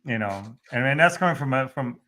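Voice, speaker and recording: Bright-voiced, cussing man host. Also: mid-range voice, expressive, brisk. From Hispanic background. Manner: profane, rambling, frequent restarts. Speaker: podcast host. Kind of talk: casual podcast chat.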